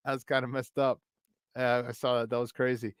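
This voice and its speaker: A man hosting a morning sports talk show, loud, hyped up and playful as he talks to viewers. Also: mid-range voice, clean tone, no echo, studio quality.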